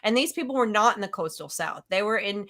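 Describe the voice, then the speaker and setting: A bright-voiced woman chatting on a movie panel. She talks eagerly, stumbles over restarts and laughs along the way. Her tone stays clear and lively. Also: mid-range voice, fast talker. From lives in the American South. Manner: enthusiastic, restarts and laughs often. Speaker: panelist on a film discussion stream. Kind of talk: casual chat.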